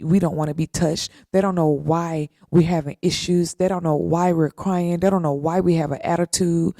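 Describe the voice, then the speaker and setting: Woman podcast host, slow earnest faith talk, gravelly and dark voice, dry close sound. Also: fairly low pitch, no room sound. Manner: earnest, repetitive, with long pauses.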